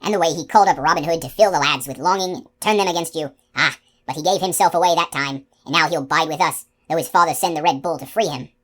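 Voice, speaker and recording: A woman voicing a gruff giant male outlaw who talks in a broad country dialect. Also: deep voice, quick pace, a bit bright. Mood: gruff, scheming.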